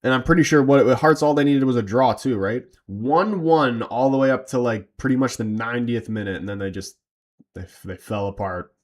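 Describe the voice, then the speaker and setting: A man's voice: mid-range voice, moderate pace. A man streaming a football watch-along, mixing casual chat with live play-by-play, tired from little sleep, loose and slangy.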